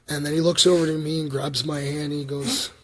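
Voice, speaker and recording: A man in his thirties with a husky voice, telling a personal story on a livestream in a rambling, halting way with many fillers. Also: fairly high pitch, fairly even intonation, background noise. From Canada. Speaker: vlogger.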